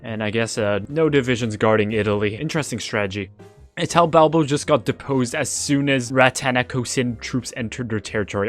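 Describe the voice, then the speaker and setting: A man commentating over a strategy game, sarcastic and swearing often, with sudden bursts of mock outrage. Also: medium pitch. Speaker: gaming commentator.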